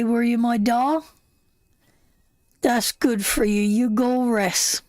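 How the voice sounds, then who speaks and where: A woman's voice: fairly high pitch, fairly even intonation, slow pace, a little mellow, dry recording. A woman hosting a live tarot reading, who talks affectionately to viewers, calls them sweetheart and my darling, and repeats her points emphatically. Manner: emphatic, repeats phrases over and over.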